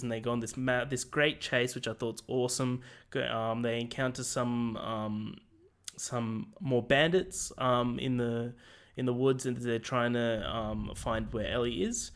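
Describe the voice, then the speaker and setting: A man co-hosting a podcast, retelling scenes in a lively, casual way and acting out characters' lines, swearing freely. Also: medium pitch, moderate pace. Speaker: podcast co-host. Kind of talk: casual chat. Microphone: remote call.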